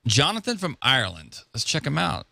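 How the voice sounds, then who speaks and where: Laid-back, lively man hosting. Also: medium pitch, a little fast, gravelly, no echo, clean studio sound. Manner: laid-back, jokey, says dude and man. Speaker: host. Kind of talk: casual radio talk show.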